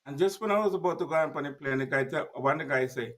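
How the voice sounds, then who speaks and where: A man with a fairly high voice tells his story emphatically, speaking plainly and acting out each exchange. His voice sounds set back from the microphone, a little distant. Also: fast talker, few pauses, fairly bright tone. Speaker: guest. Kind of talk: personal storytelling.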